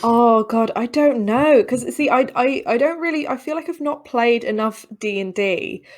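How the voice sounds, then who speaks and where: A woman's voice: fairly high pitch, normal speed, a little mellow. A woman guest in a casual podcast chat, rambling and self-deprecating with many restarts.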